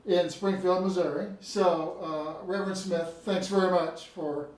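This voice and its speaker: A man who is a library dean, asking casual, slightly halting questions in an oral history interview. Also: sits high, steady tone. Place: interviewee's apartment. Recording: distant mic in a roomy room with faint noise.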